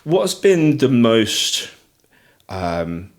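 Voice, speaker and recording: A man hosting a podcast, affable and jokey with quick agreement. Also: medium pitch, sing-song. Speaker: podcast host. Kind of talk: casual chat.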